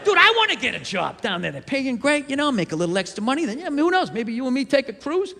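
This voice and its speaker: A man doing stand-up comedy with a Boston accent, telling stories in a loud, ranting way on a stage. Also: extremely high pitch, very animated, quick pace, gravelly, some chatter behind. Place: comedy stage in a large venue. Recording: live stage recording with hall reverb.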